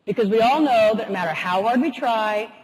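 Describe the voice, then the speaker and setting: A woman motivational speaker telling a humorous, animated story in a keynote talk. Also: on the high side, fairly quick. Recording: husky voice in a reverberant hall.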